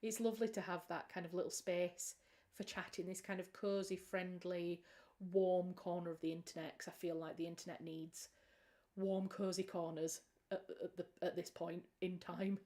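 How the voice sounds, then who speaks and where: A woman's voice: lowish voice, level tone, moderate pace, dark tone. A British woman, a writer hosting a livestream, chatting casually and rambling with frequent restarts.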